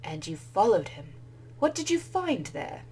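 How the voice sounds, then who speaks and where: A woman voicing a stern, impatient older woman professor who asks sharp, demanding questions. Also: medium pitch, very animated, unhurried, slight background noise, poor audio.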